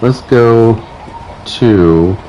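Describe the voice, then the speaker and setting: A man's voice: medium pitch, extremely slow, dark tone, slight background noise, poor audio. A man streaming a horror game, riffing with crude jokes and slipping into a mock Scottish accent. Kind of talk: comedic gameplay commentary.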